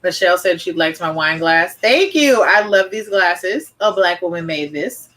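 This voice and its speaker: A woman's voice: fairly low pitch, expressive, normal speed, a bit bright. A woman hosting a live wine show, chatting in an upbeat way and reading out viewer comments. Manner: chatty and upbeat, reads viewer comments aloud, often says "y'all" and "honey". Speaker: host and wine reviewer. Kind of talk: live-stream chat with viewers.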